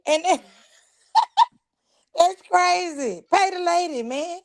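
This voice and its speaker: A woman's voice: very high voice, slow pace. A woman guest in a casual group chat, emphatic and repeating herself for effect, using loose slang.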